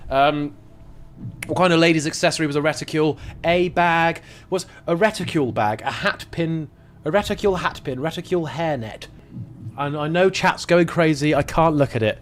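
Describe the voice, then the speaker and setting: Excitable young man streaming. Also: a little high, normal speed, a little hiss or hum. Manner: excitable, jokey, swearing freely. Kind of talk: casual live-stream gaming commentary.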